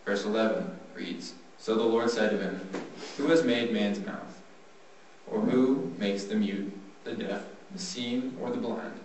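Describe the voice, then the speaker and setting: A man giving a devotional Bible talk, plain and earnest, slowing down when he reads scripture. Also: fairly low pitch, darkish tone. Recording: echoey room from far off, faint noise.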